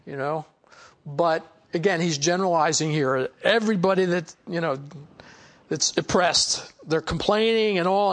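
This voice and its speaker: A man's voice: sits high, vocal fry. A man teaching a Bible study, reading passages aloud and commenting on them in a conversational way, with frequent "you know" asides.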